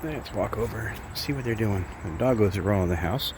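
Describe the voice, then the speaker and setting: A man's voice: lowish voice, fairly quick. A man casually walking through his backyard, chatting in a rambling, self-correcting way while filming on a handheld camera. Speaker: bird sanctuary keeper. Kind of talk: casual walk-and-talk vlog. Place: outdoors in a backyard by an aviary. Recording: noisy outdoor ambience.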